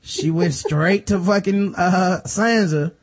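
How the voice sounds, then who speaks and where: A man's voice: high-pitched, slow. A man hosting a casual podcast, joking through a slangy, crude episode recap. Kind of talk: casual chat.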